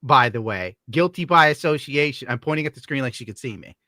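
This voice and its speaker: A man's voice: mid-range voice, animated, quick pace, sharp tone, dry recording, studio quality. A man hosting a live stream, talking in casual, sardonic, profane banter. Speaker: streamer host.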